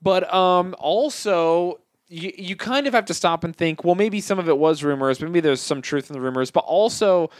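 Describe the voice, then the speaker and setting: A man's voice: high voice, normal speed, few pauses, dry recording, studio quality. A man co-hosting a casual, crude comedy chat, rambling and swearing freely while he has the hiccups. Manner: profane, rambling, jokey. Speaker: podcast co-host.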